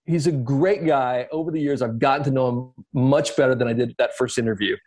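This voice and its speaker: A man's voice: medium pitch, brisk, a little mellow. Rambling, reflective man. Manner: reflective, rambling with many fillers. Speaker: entertainment interviewer, guest. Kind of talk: casual podcast conversation.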